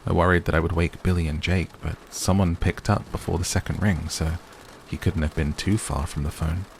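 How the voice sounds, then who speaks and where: A man narrating a bedtime sleep story in a slow, soft, even reading voice. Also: low voice, vocal fry, slight background noise. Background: rain sounds.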